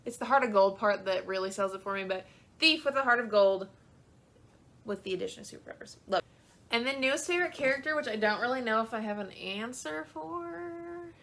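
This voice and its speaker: Bright-voiced young woman gushing about books. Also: on the high side, animated, fairly quick. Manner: chatty and gushing, full of "um" and "like". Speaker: book vlogger. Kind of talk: casual chat.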